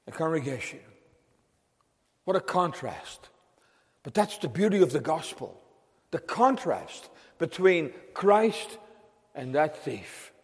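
Slow, high-voiced preacher in a reverberant church. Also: male voice, very animated. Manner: slow, emphatic preaching with drawn-out phrases and sudden quiet drops. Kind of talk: sermon. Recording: long hall reverb.

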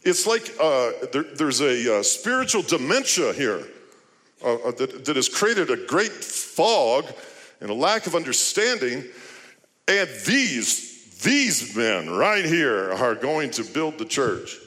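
A man's voice: mid-range voice, very animated, slow, sharp tone. Male pastor mid-sermon, questioning and emphatic, in a long-reverb hall. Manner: rhetorical questioning, rising to emphatic appeals.

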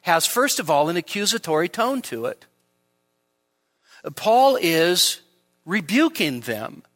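At a church service, a man delivers an expository sermon to his congregation in a high, very animated voice at a slow pace. He asks rhetorical questions, stresses key words, and drops into quiet asides.

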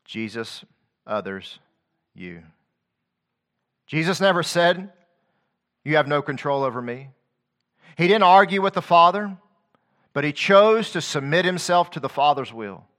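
Preaching in an unhurried way, this man quotes scripture rhythmically and pauses often, shifting from hushed low passages to booming, rising declamation.

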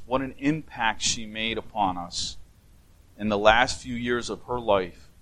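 A male pastor giving an earnest memorial sermon in a church sanctuary, speaking gently with frequent restarts. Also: mid-range voice, rough recording.

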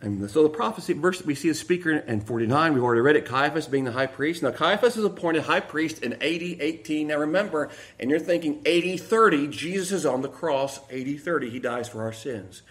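A male pastor delivers a sermon in a high voice that leaps up and down as he goes. He is animated and plays out the quoted lines with dramatic swings in tone. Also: brisk, few pauses. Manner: animated, acts out quotations with sudden swings in voice.

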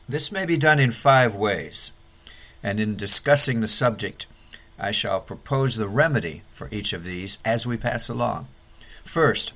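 A man preaching a sermon, measured and earnest, rising sharply when he voices the complaints he quotes. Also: mid-range voice, a bit bright. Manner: measured preaching with sudden raised pleading quotes.

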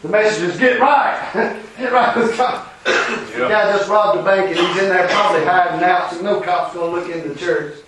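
A man's voice: sits high, moderate pace, crowd noise, rough recording. A man preaching a folksy sermon, acting out quotes and laughing between points.

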